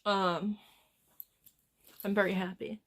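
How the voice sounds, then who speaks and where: A woman's voice: mid-range voice, level tone, slow pace, fairly bright tone. Woman live streamer with a loose, wandering way of chatting with her viewers. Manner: rambling, chatting with chat, drifting off-topic. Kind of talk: casual chat with viewers.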